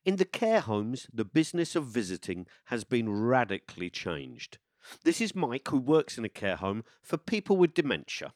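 A man's voice: mid-range voice, very animated, normal speed, no echo, clean studio sound. A man presenting and narrating a documentary in a scripted, enthusiastic way.

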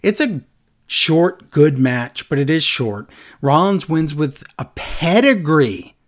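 A man chatting casually on a podcast, animated and acting out quotes in a lowered voice. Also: takes it slowly. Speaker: podcast co-host recapping wrestling. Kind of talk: casual chat.

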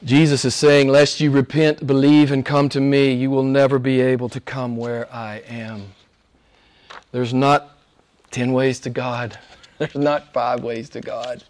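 A man preaching a sermon as pastor, moving between hushed, almost whispered lines and loud, emphatic passages. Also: mid-range voice, flat delivery, measured pace.

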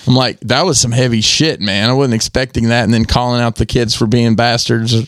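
A man co-hosting a casual podcast, easygoing and quick to agree. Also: mid-range voice, steady tone, no echo, studio quality. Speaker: podcast co-host.

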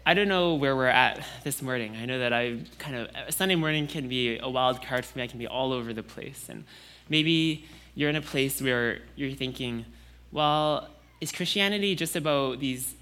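A young man preaching a Sunday sermon in a relaxed, conversational way, with casual fillers and restarts. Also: mid-range voice, moderate pace.

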